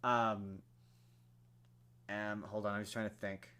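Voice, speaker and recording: A young man co-hosting a podcast, telling a film story in casual chat, full of fillers and restarts and growing animated as he goes. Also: lowish voice, slow, clean tone. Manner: rambling with many fillers and restarts, animated when excited. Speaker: podcast co-host.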